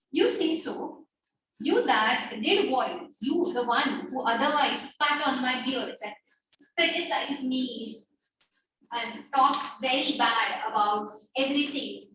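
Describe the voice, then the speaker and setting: High-voiced woman teacher, echoey distant call. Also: fairly bright tone, slight background noise. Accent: Indian English. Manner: explains in plain words, repeats phrases, acts out lines. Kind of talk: online class lecture, paraphrasing a play. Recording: echoey, distant, dull online-call audio.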